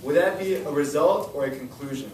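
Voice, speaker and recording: Young male teacher, energetic classroom lesson, recorded far off in a noisy, roomy classroom. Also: fairly high pitch, brisk. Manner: energetic, repeats questions to students. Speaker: high school science teacher.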